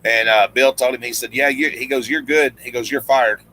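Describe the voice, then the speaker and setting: Bright-voiced man spinning a rambling yarn. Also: medium pitch, fairly even intonation, a little fast, a little hiss or hum, poor audio. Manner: rambling, many restarts, acts out quoted lines. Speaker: guest storyteller, former pro wrestler. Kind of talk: casual storytelling chat.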